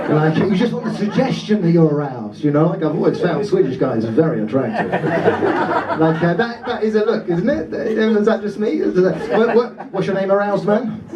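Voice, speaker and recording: A man's voice: high voice, recorded from a distance, muffled recording. A man from Dorset doing stand-up crowd work, chatty and swearing as he talks with the audience. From Dorset, England. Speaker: stand-up comedian. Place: comedy club stage. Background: laughing crowd.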